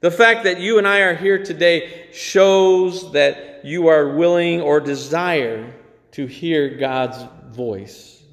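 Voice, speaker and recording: A pastor preaches with earnest, halting sincerity, doubling back on his words and giving short chuckles. His voice sits a bit high for a man, and the long reverb of a large church hall rings around him.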